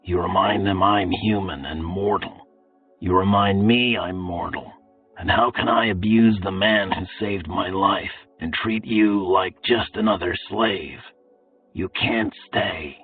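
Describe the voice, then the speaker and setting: A man voicing a gruff, brutal male slave overseer who talks in a low, menacing whisper. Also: fairly even intonation, a little slow. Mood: hushed urgent. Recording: tinny phone-like, distant, faint music.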